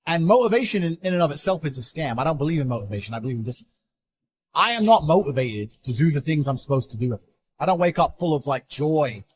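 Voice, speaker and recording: A man giving an interview, talking in a blunt, forceful, emphatic way. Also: fairly high pitch, lively intonation, fast, a little hiss or hum. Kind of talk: motivational interview talk.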